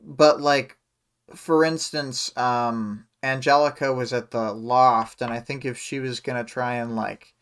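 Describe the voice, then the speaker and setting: A man with a smooth, clear voice at an ordinary pitch joins a livestream book chat. He talks in an easygoing way and softens his points as he goes. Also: fairly even intonation, unhurried. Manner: easygoing, conversational, hedging. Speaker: podcast co-host. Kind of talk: casual livestream discussion.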